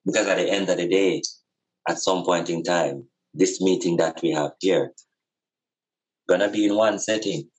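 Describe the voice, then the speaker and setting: A man's voice: low voice, moderate pace, rough recording. A man talking as a guest over a video call, reasoning earnestly with impassioned, repetitive, preacherly emphasis. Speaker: podcast guest.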